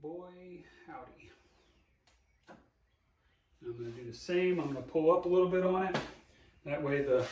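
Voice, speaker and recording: A man's voice: fairly high pitch, a little slow, pauses often, darkish tone, roomy sound, distant mic, slight background noise, rough recording. A man hosting a DIY car repair video in his garage, talking casually and joking as he explains each step aloud. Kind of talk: casual how-to narration while working. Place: home garage.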